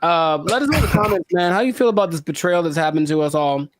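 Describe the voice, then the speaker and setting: Rambling, fairly high-voiced man podcaster. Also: fast, no echo. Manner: rambling, trails off quietly, gets worked up. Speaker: podcast co-host. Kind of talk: casual podcast chat.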